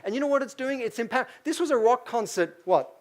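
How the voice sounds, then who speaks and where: A middle-aged Australian man giving a business keynote lecture, lively, asking the audience questions. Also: extremely high pitch, fairly quick. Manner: lively, asks the audience questions, acts out quotes. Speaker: keynote speaker.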